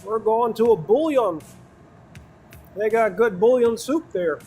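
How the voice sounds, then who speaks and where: A man's voice: high voice, expressive, unhurried, darkish tone, slight background noise, pitched above the performer's own voice. A man putting on an exaggerated folksy Wisconsin local with a Wisconsin accent. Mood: folksy cheery.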